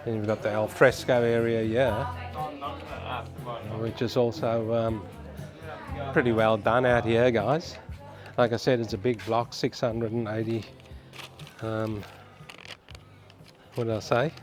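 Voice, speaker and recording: A man's voice: lowish voice, flat delivery, measured pace, pauses often, over music. A man vlogging a house tour, chatting casually to viewers he calls guys as he walks through rooms and the yard. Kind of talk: casual walkthrough commentary. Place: outdoors and indoors at a suburban house.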